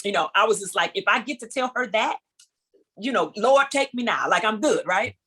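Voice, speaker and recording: A woman singer guesting on a podcast, telling an animated, expressive story in casual conversation. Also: medium pitch, normal speed, slightly rough.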